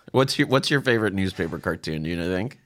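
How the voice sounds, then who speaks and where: A man with a lowish voice hosts a casual comedy podcast at a club. He jokes around loosely and swears freely. He riffs with his coworkers. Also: animated, moderate pace, a bit bright. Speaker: podcast host.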